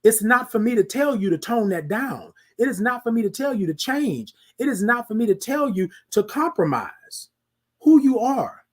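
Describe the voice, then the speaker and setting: An extremely high-pitched man talks at normal speed, hosting a casual one-man podcast. Animated and preachy, he lectures his listeners and keeps asking "y'all feel me."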